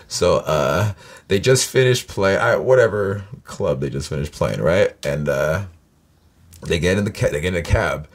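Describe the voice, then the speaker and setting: Brief: deep-voiced male host, casual, profane, rambling reaction chat. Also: lively intonation, moderate pace. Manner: profane, rambling, many fillers.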